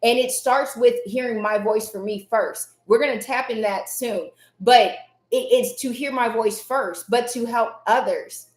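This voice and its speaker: A woman hosting a live self-help stream, speaking earnestly in repeated, emphatic affirmations, her voice a little raspy at times. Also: a little high, measured pace, reverberant. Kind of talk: motivational live-stream talk.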